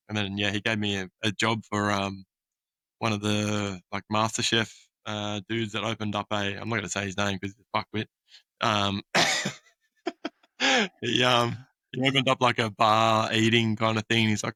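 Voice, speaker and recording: Sweary Australian man, bright animated storyteller. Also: on the low side, moderate pace, no room sound. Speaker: podcast host. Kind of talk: casual chat.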